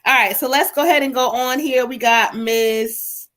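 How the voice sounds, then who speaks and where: Bright hoarse-edged woman host, rushing through a busy live reading lineup with laughs. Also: a little high, fairly even intonation. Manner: quick, busy, lots of laughing asides. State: voice going hoarse. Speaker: host and psychic reader. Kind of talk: live stream reading chat.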